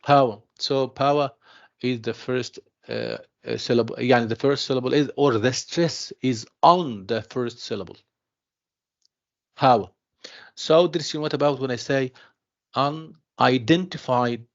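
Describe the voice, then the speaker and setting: A man with a gravelly, creaky voice teaches an English class, his showing in his speech. He talks slowly, repeats phrases and addresses his dear students. The audio is dull and lo-fi, like an online class. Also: mid-range voice. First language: Arabic. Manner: slow, repeats himself, calls students "dear students", mixes in Arabic explanations. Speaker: university English tutor.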